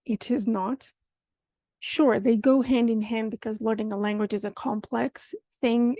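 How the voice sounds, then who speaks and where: A woman's voice: on the high side, steady tone, unhurried, dark tone, dry recording. A woman from Portugal with a European Portuguese accent, explaining pronunciation directly to learners in a video language lesson. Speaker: language teacher.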